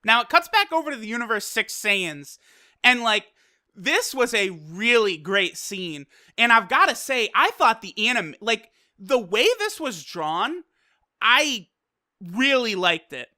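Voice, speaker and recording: An excitable anime reviewer talking casually, swearing often and padding sentences with fillers. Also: mid-range voice, a little slow. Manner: excitable and profane, with loose fillers.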